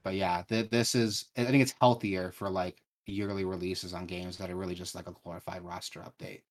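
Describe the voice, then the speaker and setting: A young man co-hosts a casual gaming podcast and talks in a voice pitched a little low. He swears freely and gets animated when he tells a story. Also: fairly quick. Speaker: podcast co-host. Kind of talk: casual gaming news chat.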